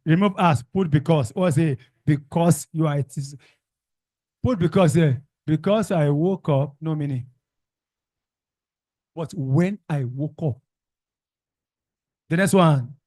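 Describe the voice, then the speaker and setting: A man's voice: a little high, slow, pauses often, a little mellow, dry recording, studio quality. A man teaching a revision class, calling out questions and repeating the answers in call-and-response drills.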